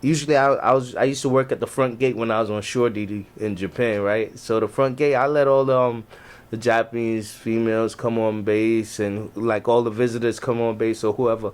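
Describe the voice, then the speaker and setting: New york guy on a podcast, slangy and lively, keeps restarting his lines. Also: mid-range voice, fairly quick, clean tone. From Jamaican family. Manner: animated, slangy, restarts often. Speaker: podcast guest, navy veteran. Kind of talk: casual storytelling chat.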